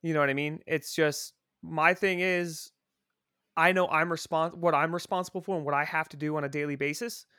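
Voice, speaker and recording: A man with a fairly high, bright voice talks in a loose, rambling way, swearing freely but staying earnest. The sound is dry and close to the mic, with no room around it. It is a casual podcast chat with friends. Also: fairly even intonation, brisk, clean tone, no echo. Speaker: podcast guest, prison supervisor.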